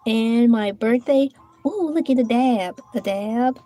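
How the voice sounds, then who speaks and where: A woman with a high voice chats slowly and loosely on a live stream from home. She thanks viewers and talks to herself aloud as she types and hunts for things on her table. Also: mellow, slight background noise. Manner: chatty, talks to herself while searching and typing. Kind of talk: casual live-stream chat.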